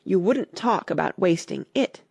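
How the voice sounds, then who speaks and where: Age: adult. Sex: woman. Figure: a gloomy, haughty male hatter, as a woman reads him. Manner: lively, sing-song storybook delivery with a gravelly edge. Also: on the low side, measured pace, dry recording, studio quality, heavily acted. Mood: mournful. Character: contemptuous, mournful eccentric male hatter. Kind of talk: audiobook character reading.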